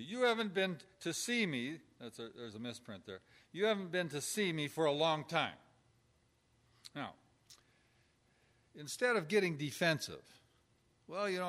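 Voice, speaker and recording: Here the pastoral caregiving instructor, a man with a medium-pitched and somewhat bright voice, lectures informally in numbered points. His tone is conversational, and he acts out example dialogue.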